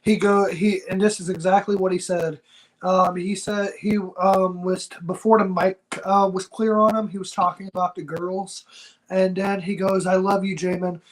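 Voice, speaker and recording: A man with a high voice speaks in casual podcast chat as a wrestling show co-host. He talks earnestly and from the heart, full of slang. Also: flat delivery, moderate pace, slight background noise, low-quality recording.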